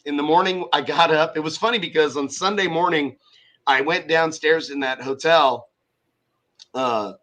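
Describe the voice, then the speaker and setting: A man's voice: on the high side, moderate pace, a bit bright. A man telling a long, rambling story in casual chat, swearing constantly.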